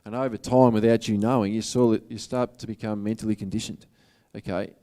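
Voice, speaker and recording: A man's voice: on the low side, steady tone, brisk, dark tone. A man with an Australian accent giving a motivational talk to an audience, in a casual, earnest, conversational way. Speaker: motivational speaker.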